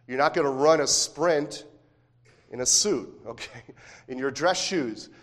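A man's voice: medium pitch, unhurried, a bit bright. A man preaching a sermon as pastor, talking in a conversational way with frequent rhetorical questions and restarts. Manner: repeats words when restarting phrases.

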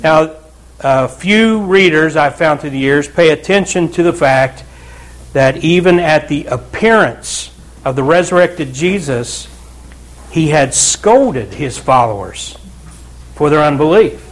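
A man's voice: on the high side, lively intonation, slow. A pastor preaching a conversational sermon to his church, with asides and repeated calls of "Amen?" to the congregation. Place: church sanctuary.

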